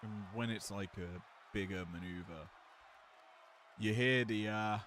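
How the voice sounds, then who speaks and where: A man's voice: a little slow, slight background noise. Man doing chatty wrestling play-by-play. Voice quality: slight growl when calling moves. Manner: chatty asides that rise into louder, higher calls on big moves. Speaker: wrestling commentator. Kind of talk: play-by-play commentary on a simulated match.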